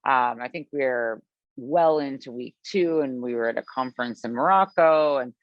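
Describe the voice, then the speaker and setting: A woman from the Midwest, a podcast guest telling a long story in a chatty, animated way, full of fillers and acted-out quotes. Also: extremely low pitch, normal speed, no room sound. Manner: animated, chatty, filler-heavy, acts out her own past lines. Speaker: podcast guest, business founder. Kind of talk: storytelling in conversation. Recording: dull, lo-fi, dry sound.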